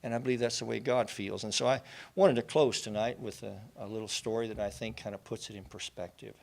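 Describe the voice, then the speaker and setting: A man's voice: lowish voice, steady tone, fairly quick, creaky. A man giving an inspirational faith talk, an earnest storyteller who builds to passionate lists. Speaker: speaker at a faith gathering.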